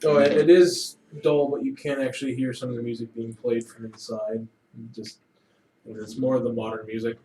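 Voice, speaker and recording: A man narrating a tabletop game as game master, loose and relaxed, with many fillers. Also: mid-range voice, normal speed. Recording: roomy, distant from mic, faint hiss.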